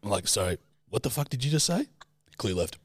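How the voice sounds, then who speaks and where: A man's voice: medium pitch, big pitch swings, fast, breathy edge, no echo. A young man, co-hosting a podcast in casual chat, crude and joking, slipping into mock-formal impressions. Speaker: podcast co-host.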